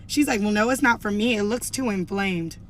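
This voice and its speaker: A young woman spinning a casual storytime for her viewers, her voice sitting at an ordinary middle pitch. She talks loosely, peppering everything with "like" and slipping into the voices of the people in her story. A faint hum of background noise sits under her. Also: brisk. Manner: chatty, heavy use of "like", acts out quoted lines. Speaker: vlogger telling a storytime.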